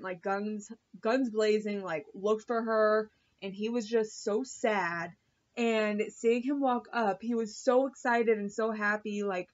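A woman's voice: mid-range voice, dull audio. A woman vlogger reviewing a TV episode in a chatty, gushing way, full of fillers and swearing. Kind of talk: casual chat.

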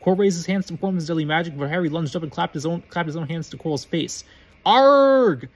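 Reader, man, fast husky storybook reading, trips over words. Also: on the high side, fairly even intonation, darkish tone. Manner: fast, with frequent stumbles and restarts.

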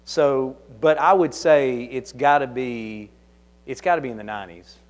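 A man's voice: mid-range voice, normal speed. A man with a Southern US accent, a security consultant answering audience questions at a conference in a conversational, anecdotal way, often restarting his sentences. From Kentucky. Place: conference hall.

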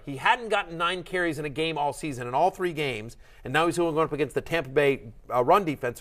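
A man with a fairly high voice co-hosts a fantasy football podcast in a studio. He talks in an excitable, rambling way, backing up and restarting his sentences as he goes. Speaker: fantasy football analyst and co-host. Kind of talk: animated sports podcast chat.

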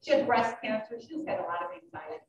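A woman doctor giving an informal question-and-answer talk, who tells stories lively and acts out her patients' voices. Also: medium pitch, fast talker, slight background noise. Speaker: urogynecologist giving a library talk. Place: library meeting room. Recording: echoey room, distant dull mic.

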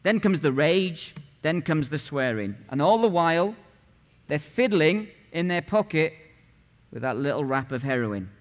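A pastor in his late forties preaches a sermon in a church sanctuary, his male voice slightly high, expressive and unhurried. His delivery is punchy and conversational as he fires rhetorical questions at the congregation, and the recording carries a long church reverb.

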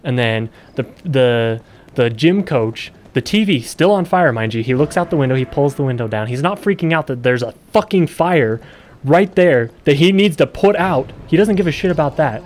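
Streaming a game, a young man with a slightly high, expressive voice talks at a moderate pace. He rambles and swears casually, getting loud and exasperated as he plays.

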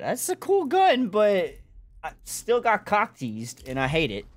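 Young streamer talking slow and loose to chat, mid pitch, swears a lot, yelps when hyped. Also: no echo. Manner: chatty, swears, yelps loudly when excited. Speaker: streamer opening game cases. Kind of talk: casual live-stream commentary.

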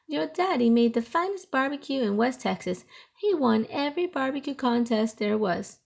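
A grieving mother speaks softly and sorrowfully in a storybook. A woman reads her with a gravelly, rather high voice. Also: lively intonation, moderate pace, heavily acted. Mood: wistful. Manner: sorrowful, soft.

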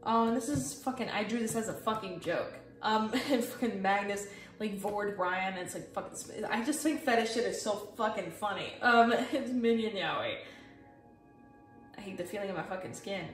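A young woman at medium pitch and normal speed casually chats about her sketchbook, rambling, profane and self-mocking throughout. She's far from the mic, the space echoes, and music is playing.

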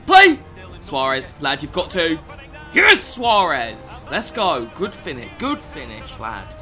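A young man commenting on his own football video game match, moving from quiet mutters to furious, swearing shouts. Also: mid-range voice, big pitch swings, measured pace, faint music behind. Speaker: gaming YouTuber. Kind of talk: live gameplay commentary.

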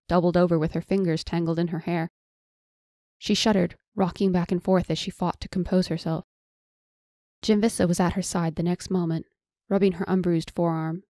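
A woman narrating a fantasy audiobook in measured, scripted storytelling. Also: lowish voice, steady tone, darkish tone, dry recording, studio quality.

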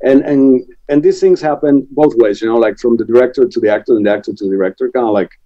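A man's voice: mid-range voice, quick pace, dark tone. A man, a film director talking casually in a podcast interview, rambling with many restarts. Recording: dull lo-fi remote audio.

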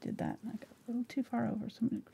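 A woman in her forties teaching a live painting tutorial, chatting softly and casually as she paints in her studio. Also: on the high side, rapid-fire, vocal fry, noisy background. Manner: relaxed, chatty, talks softly while painting. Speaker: painting instructor.

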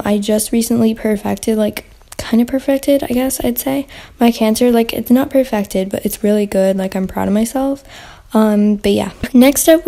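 A woman's voice: a little high, dark tone. Chatty young woman rambling with fillers. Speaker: channel host. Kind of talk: casual Q&A gaming vlog.

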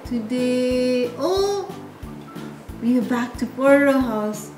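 A woman hosting a toy play channel, narrating the toys' actions in a bright, sing-song way. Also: on the high side, expressive, slow. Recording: roomy with background music.

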